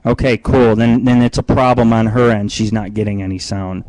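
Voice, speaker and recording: Here the same kind of home internet radio host speaks at a moderate pace in a fairly low, slightly mellow voice with a flat delivery. Talking into a computer mic on a webcam stream, he rambles and swears, restarting often and leaning on fillers in crude live-stream chatter. The recording is dry and rough.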